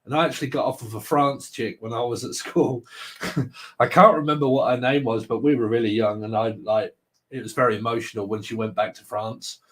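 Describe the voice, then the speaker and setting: A man's voice: medium pitch, steady tone, fairly quick. A man hosting a live tarot stream, chatting casually with viewers, joking and laughing often. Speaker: tarot livestream host.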